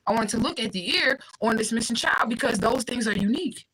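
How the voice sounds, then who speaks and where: A young woman hosting a livestream, talking fast and bluntly with swearing while she reads out viewer comments. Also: a little high, lively intonation, a bit bright, slight background noise, low-quality recording. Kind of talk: fast casual livestream talk.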